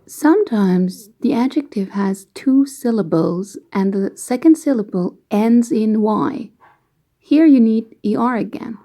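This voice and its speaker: A woman explaining English grammar rules slowly and patiently, giving example sentences as an online teacher. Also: on the high side, animated, mellow. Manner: slow, careful, patient explaining.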